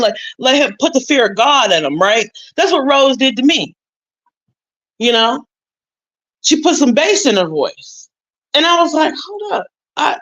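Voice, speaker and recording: Woman with a somewhat high voice, emphatic. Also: fairly bright tone, lo-fi sound. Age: adult with a son. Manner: emphatic, repetitive, conversational. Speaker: YouTube commentator. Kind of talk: casual storytelling to viewers.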